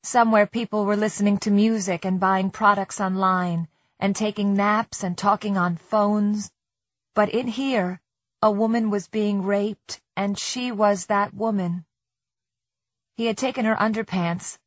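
A woman reading a novel aloud in measured, even scripted narration. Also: medium pitch, no room sound. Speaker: audiobook narrator. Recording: dry, slightly muffled recording.

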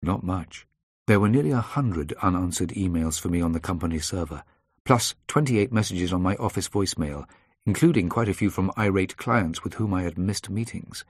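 A man reading a first-person thriller aloud in a measured, dry storytelling manner. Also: deep voice, husky, no room sound. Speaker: audiobook narrator.

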